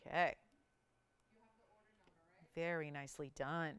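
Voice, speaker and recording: A woman hosting a live shopping channel, pitching jewelry with chatty enthusiasm and talking to callers and crew between descriptions. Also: steady tone, slow, a bit bright, clean tone. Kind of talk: live on-air sales pitch.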